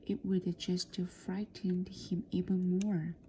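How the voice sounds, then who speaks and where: A woman reading a children's storybook aloud for practice, softly and often in a whisper. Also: on the low side, flat delivery, slow, a little hiss or hum. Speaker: reader.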